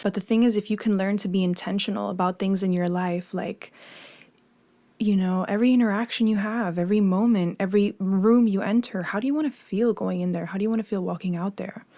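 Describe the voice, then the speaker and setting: A woman's voice: mid-range voice, fairly even intonation, fairly quick, warm tone. Chatty, swearing young woman storyteller. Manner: chatty and profane, full of "like" and "you know". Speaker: meditation and manifestation vlogger. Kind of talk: casual storytelling to camera.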